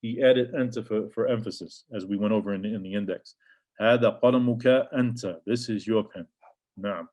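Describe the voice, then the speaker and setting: Guy teaching an arabic lesson, kinda low voice, repeats stuff, reads examples then translates. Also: fairly even intonation, fairly quick, mellow. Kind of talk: casual grammar lesson explaining textbook examples.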